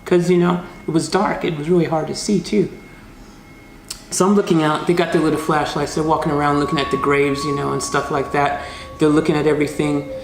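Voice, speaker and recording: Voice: medium pitch, fairly quick, vocal fry, slight background noise. A channel host telling a story to camera, talking casually and animatedly to viewers, full of slang, recorded at home. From United States. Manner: animated, chatty, addresses viewers as guys, slang-heavy. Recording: roomy echoey room.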